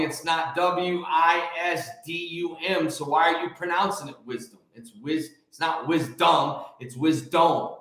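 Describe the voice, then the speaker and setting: A male host giving an emphatic, preachy motivational monologue, stretching key words out slowly. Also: a little high, a bit bright. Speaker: show host. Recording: very echoey room.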